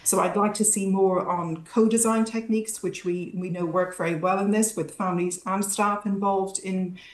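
A woman's voice: medium pitch, fairly even intonation, moderate pace, echoey room. A woman academic speaking as a guest in a news interview, thoughtful and analytical, with frequent ums and restarts. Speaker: academic guest, healthcare researcher.

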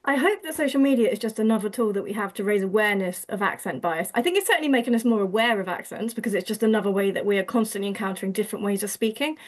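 A woman's voice: mid-range voice, rapid-fire, few pauses. Woman with an Essex accent explaining research. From Essex, England. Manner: articulate, explanatory. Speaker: sociolinguistics academic guest. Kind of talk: interview answers.

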